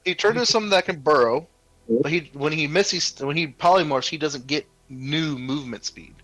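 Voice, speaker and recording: A man playing a tabletop role-playing game, stammering through restarts and slipping into his character's gruff anger. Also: on the high side, brisk, fairly bright tone, no echo, low-quality recording. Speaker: player.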